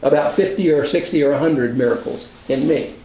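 Older man preaching folksy, high-pitched. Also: brisk, mellow, roomy sound, poor audio. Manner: folksy, self-deprecating storytelling. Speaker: Bible class teacher. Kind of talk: conversational sermon.

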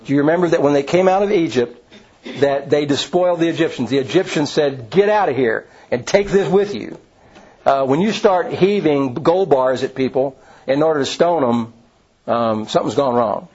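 A husky, slightly high-voiced man preaches a sermon. He reads passages aloud between plain asides and often restarts his sentences. The recording sounds dull and lo-fi. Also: moderate pace, darkish tone.

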